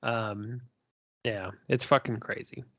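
A man's voice: medium pitch, fairly even intonation, takes it slowly, fairly bright tone, no echo. A man from North Dakota, chatting casually as a podcast guest in a laid-back, profane, rambling way.

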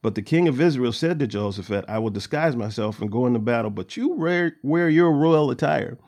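A man's voice: mid-range voice, lively intonation, brisk, a little mellow. A man reading Bible verses aloud and retelling them in casual everyday words, with frequent fillers and chuckles. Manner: reads scripture then paraphrases it in casual words, chuckling often. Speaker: Bible study teacher.

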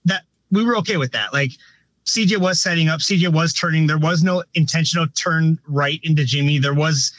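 Man, race director, fairly high voice, dry close sound, rambling and casual. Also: a bit bright, no echo, highs cut off. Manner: rambling, frequent restarts and "you know". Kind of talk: casual podcast conversation.

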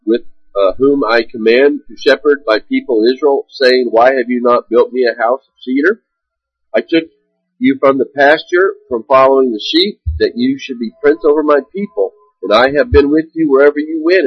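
A man's voice: mid-range voice, slightly rough, no room sound, dull audio. A man preaching a sermon, reading scripture aloud and then teaching with frequent fillers and restarts. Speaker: pastor.

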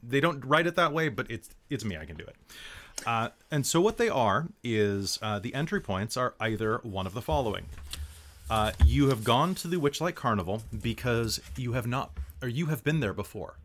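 Excitable male game master, chatty, mid-range voice, explains rules on the fly. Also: mid-range voice. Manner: animated and excitable, quick asides. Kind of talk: casual chat, explaining game setup.

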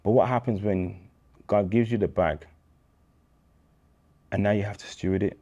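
A man's voice: fairly low pitch, normal speed, dark tone, lo-fi sound. A man, telling his faith story as an interview guest in a candid slang-filled way, acting out dialogue.

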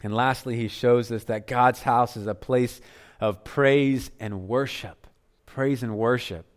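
A man preaching a sermon as pastor, earnest, dropping to softer tones for emphasis. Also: medium pitch, fairly even intonation, slow pace.

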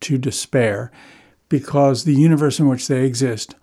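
Mellow, measured male speaker. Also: medium pitch, slightly rough. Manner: measured, thoughtful. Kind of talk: conversational reflection.

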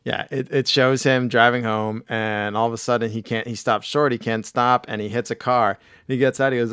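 A man with a hoarse, failing voice, casually recapping a cartoon episode with laughs and restarts. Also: medium pitch, fairly even intonation, moderate pace, hardly any pauses, a bit bright, no echo, clean studio sound. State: hoarse, losing his voice. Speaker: podcast host. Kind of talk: casual chat.

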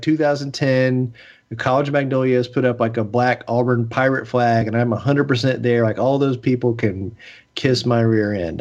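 A man co-hosting a sports podcast in casual chat, enthusiastic and opinionated, speaking in quick bursts. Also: medium pitch. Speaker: podcast co-host. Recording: slightly dull lo-fi sound.

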